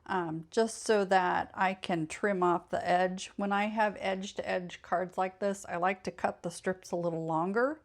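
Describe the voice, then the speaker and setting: A woman's voice: lowish voice, steady tone, a little slow, few pauses. A woman hosting a casual craft tutorial, chatty and meandering, often correcting herself mid-sentence and sounding a bit tired. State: tired, yawning late in the evening. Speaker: craft channel host.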